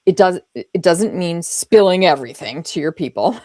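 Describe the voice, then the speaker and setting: A woman's voice: on the low side, lively intonation, moderate pace, darkish tone, no room sound. A woman hosting a podcast conversation, talking earnestly and emphatically and acting out little quoted lines. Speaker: podcast host. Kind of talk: conversational interview talk.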